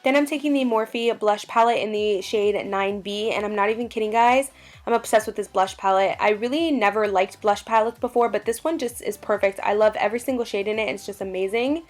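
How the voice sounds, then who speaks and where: A woman's voice: medium pitch, fairly quick. A young woman talks through her makeup routine in a bubbly, gushing voice-over. Her delivery is chatty and enthusiastic, a casual tutorial narration. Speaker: beauty vlogger.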